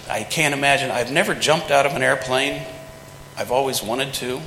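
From the pulpit of a large church sanctuary, a pastor preaches in a folksy, conversational style, acting out quotes in plain everyday speech. His medium-pitched voice has vocal fry and a sharp tone. The echoey hall gives long reverb, with slight background noise.

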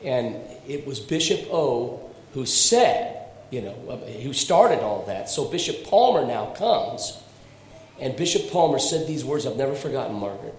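Animated man preaching in an echoey church. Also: medium pitch, a little slow. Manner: animated, addresses congregation members by name. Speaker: pastor. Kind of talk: sermon. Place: church sanctuary.

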